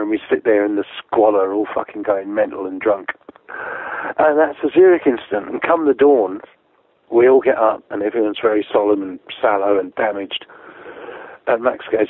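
A man's voice: fairly low pitch, normal speed, no room sound, phone-quality sound. A man telling a long, profane tour story in a casual way, laughing often and acting out what other people said. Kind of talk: casual anecdote, sweary storytelling.

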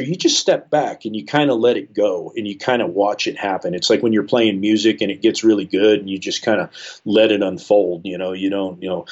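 Husky teacher telling a classroom story. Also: male voice, lowish voice, dull audio. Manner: animated, many fillers like you know. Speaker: high school English teacher. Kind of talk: storytelling in a conversational interview. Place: works at a school in Colorado.

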